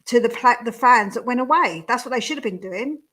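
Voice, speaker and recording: A woman's voice: a little high, expressive, fairly quick, a bit bright. A woman with a London accent, speaking emphatically as a co-host in casual chat.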